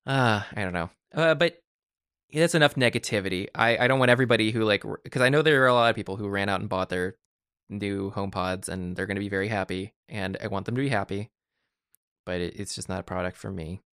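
A man's voice: fairly low pitch, fast talker, fairly bright tone, smooth, no echo, studio quality. A man co-hosting a podcast, chatting casually about tech and rambling with lots of "like" and "I don't know". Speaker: podcast co-host.

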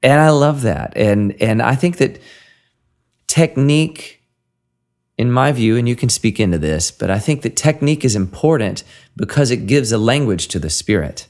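A man's voice: mid-range voice, expressive, moderate pace, darkish tone. A man hosting an interview, talking in a thoughtful, musing way about the creative process. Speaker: podcast host. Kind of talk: reflective interview talk.

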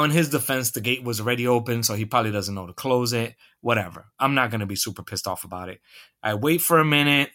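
A man's voice: mid-range voice, sharp tone. A man hosting a podcast, telling a story in a profane, ranting and sarcastic way. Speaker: podcast host. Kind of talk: comedic storytelling monologue.

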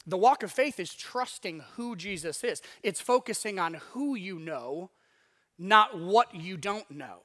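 High-voiced guy preaching, chatty, gets loud then real quiet. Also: lively intonation, measured pace. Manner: conversational, acts out inner voices; wide swings in loudness. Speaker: pastor. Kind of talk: sermon.

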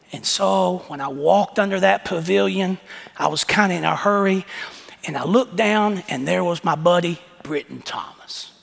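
A man's voice: sits high, creaky, a bit bright. A man preaching a sermon as pastor, with impassioned, folksy storytelling. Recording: echoey hall reverb.

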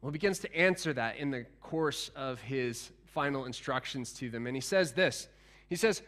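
A man preaching a sermon in a conversational, animated way, with frequent restarts and asides to the congregation. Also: mid-range voice, normal speed. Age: adult, past teenage years. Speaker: pastor.

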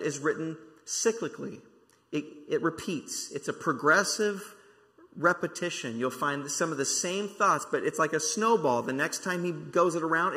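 A man preaching with a bright, tense, slightly high voice, pressing hard on key words and circling back to them again and again. The sermon rings out in a large hall with a long reverb tail. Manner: emphatic, repeats key words for stress.

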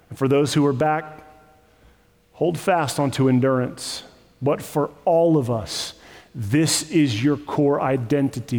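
A man is preaching a sermon, pressing his points through emphatic repetition. His voice sits somewhat high for a man. The sound carries a long reverb, as if from a large hall. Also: a little mellow. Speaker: pastor.

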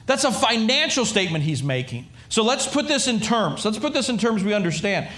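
A middle-aged male pastor preaching a sermon in an animated way, acting out voices and often repeating himself. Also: high voice, brisk.

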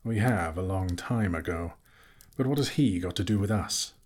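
A man voicing a regal, wise elf king who speaks formally and with measured calm. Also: deep voice. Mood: stately.

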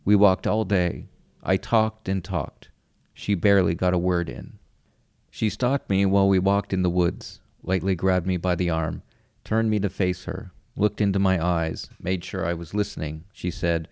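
A man calmly narrating a first-person story in a measured, plain way. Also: deep voice, vocal fry, no room sound, clean studio sound.

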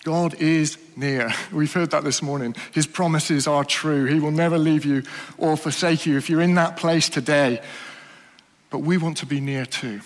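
Male preacher, high voice, earnest, asks the room questions, long hall reverb. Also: fairly even intonation. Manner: earnest, questioning, drops to soft slow emphasis. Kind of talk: sermon.

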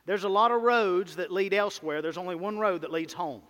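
High-voiced preacher in a reverberant hall. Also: male voice, fairly quick, a bit bright. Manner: emphatic, repetitive preaching cadence with rhetorical questions. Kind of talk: sermon.

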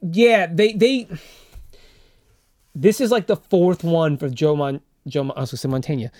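A man's voice: a little high, normal speed, darkish tone, no echo. A man co-hosting a casual chat show, playful and teasing, often talking over his partner. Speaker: podcast co-host.

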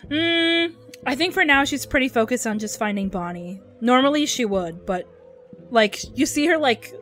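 A woman with a slightly high voice describes what her character does in a tabletop game. She talks thoughtfully, with plenty of fillers. Faint music plays behind. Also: lively intonation, moderate pace, fairly bright tone. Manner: thoughtful, with many likes and ums. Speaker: player. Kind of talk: casual game chat.

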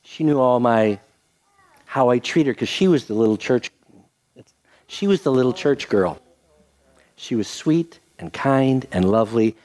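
Measured and pausing often, an older pastor with a mid-range voice delivers a sermon built around a story. He voices the quotes in animated fashion before shifting into a soft prayer.

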